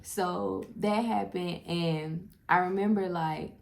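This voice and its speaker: A woman's voice: on the low side, fairly even intonation, slow pace, gravelly. A young woman telling viewers a personal family story in a casual, heartfelt way, often calling them "y'all" and filling with "like". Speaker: vlogger sharing a personal story. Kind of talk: emotional personal storytelling to camera. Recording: faint background noise.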